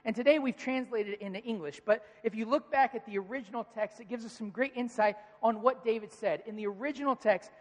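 Preacher telling a story, jokey and lively, talks to the crowd, long echo in a big church. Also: medium pitch, quick pace, hardly any pauses. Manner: animated, playful, addresses congregation. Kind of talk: storytelling sermon. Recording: reverberant hall.

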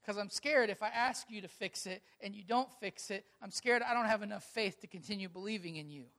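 A man's voice: high voice, a little fast. A pastor preaching a sermon, telling a personal story with acted-out dialogue and making earnest appeals to his listeners. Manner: animated storytelling, acting out quoted dialogue.

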